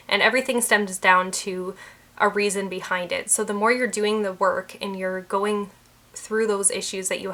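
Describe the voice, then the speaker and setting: Young female mindset coach, bright tone, earnest and explanatory, talking-head delivery. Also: medium pitch. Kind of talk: talking-head advice video.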